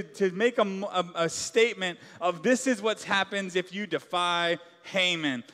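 A man's voice: high voice, a bit bright. A man preaching a sermon as pastor in a large church hall, casual and joking, full of filler words.

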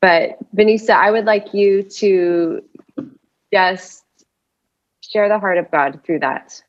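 A woman's voice: medium pitch, slow pace. A woman hosting a podcast, talking casually with affirming remarks and restarts. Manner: warm affirming, rambling restarts. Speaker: podcast host. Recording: dull lo-fi podcast audio.

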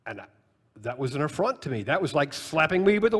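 A man in his sixties preaching a sermon, talking with the congregation in a conversational way and swinging between loud, high emphasis and quiet, low asides. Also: very animated, fast, slightly rough, long reverb tail. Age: 60s. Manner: conversational preaching with wide swings in pitch and loudness. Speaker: pastor.

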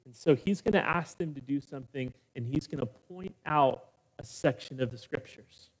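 A man's voice: normal speed, husky. A preaching man in an echoing hall. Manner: dynamic preaching, voicing Jesus in a low hushed tone, rousing the congregation. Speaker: pastor. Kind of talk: sermon. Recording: long hall reverb.

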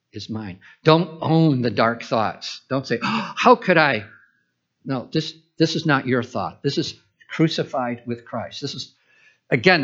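A man's voice: mid-range voice, a bit bright. Man preaching a sermon, lo-fi. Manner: conversational preaching with rhetorical questions and acted inner dialogue. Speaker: pastor. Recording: dull lo-fi church sermon recording.

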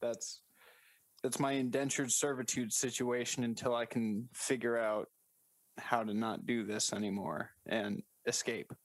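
A man improvising comedy bits in casual podcast banter, spinning absurd stories with deadpan wordplay. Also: medium pitch, unhurried.

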